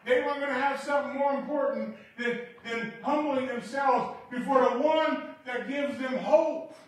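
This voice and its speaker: A man preaching a sermon, animated and swinging from quiet asides to shouting. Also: extremely high pitch, normal speed. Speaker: pastor. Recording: echoey hall, from far off.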